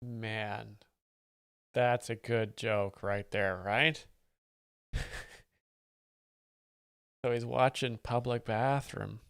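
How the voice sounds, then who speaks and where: Dry-voiced streamer riffing on comedy. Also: male voice, fairly low pitch, steady tone, drawn-out words, creaky, pauses often, a bit bright, clean tone, no echo. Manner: wry, rambling, reads donations aloud. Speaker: streamer, joke explainer. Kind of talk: casual live-stream commentary.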